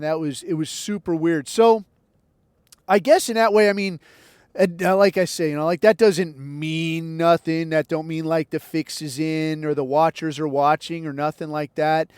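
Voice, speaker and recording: A man's voice: fairly high pitch, steady tone, moderate pace, darkish tone, clear, resonant tone, dry recording, clean studio sound. A man hosting a podcast, telling a long casual story in a laid-back, slangy way and acting out the other people's lines. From United States. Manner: laid-back, slangy, acts out quoted dialogue. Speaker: podcast host.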